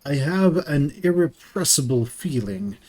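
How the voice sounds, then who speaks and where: A man voicing a formal, worried gentleman in a game reading, speaking in stiff, archaic, courteous phrasing. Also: on the high side, animated, unhurried, a little hiss or hum. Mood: concerned.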